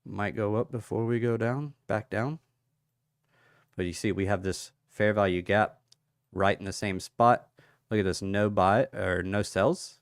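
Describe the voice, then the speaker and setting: A chatty crypto livestream host, unhurried and relaxed, greets viewers by name, reads their comments, and thinks aloud over price levels during casual chart analysis. His voice is lowish, smooth and clear, captured in a dry, close recording with no room around it.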